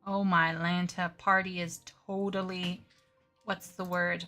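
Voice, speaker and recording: Woman streaming a game, flustered, chats with viewers, slow easy pace. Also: fairly low pitch, flat delivery, bright, forceful tone, faint music behind. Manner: chatty, flustered, talks to chat while playing. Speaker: live streamer. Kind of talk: casual gaming livestream chat.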